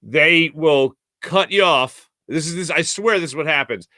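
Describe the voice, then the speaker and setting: A man's voice: on the high side, normal speed, bright, forceful tone, no echo, studio quality. A man hosting a sports talk show, telling stories in a chatty, self-mocking way. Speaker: podcast host. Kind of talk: casual monologue.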